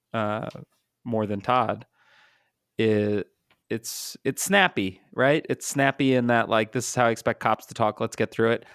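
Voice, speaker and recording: A man's voice: mid-range voice, clear, resonant tone, no echo, clean studio sound. A man co-hosting a casual comic book podcast, talking thoughtfully and hesitantly with many fillers. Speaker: podcast co-host. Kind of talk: casual chat.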